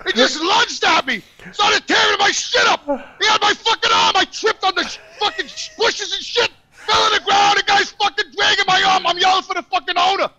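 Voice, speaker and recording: A man who delivers oil, ranting outdoors in the snow and shouting, swearing and exasperated as he tells his story. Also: extremely high pitch, a little fast, poor audio.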